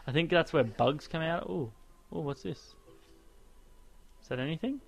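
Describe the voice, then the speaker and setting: A man's voice: fairly high pitch, moderate pace, vocal fry, breathy edge. A man giving casual, sarcastic let's-play commentary as he plays, ranting and exclaiming at the game. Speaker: gaming commentator and podcaster.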